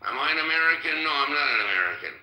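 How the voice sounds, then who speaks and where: A man's voice: a little high, lively intonation, rapid-fire, sharp tone. An older man arguing in a live chat room, combative and swearing, heckling the host. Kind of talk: heated argument. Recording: roomy echo.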